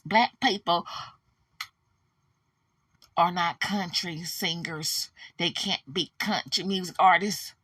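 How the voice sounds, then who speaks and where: A woman hosting a celebrity gossip vlog, sassy and animated, calling her viewers sugar. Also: on the low side, a little slow, slightly rough, no room sound. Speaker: host.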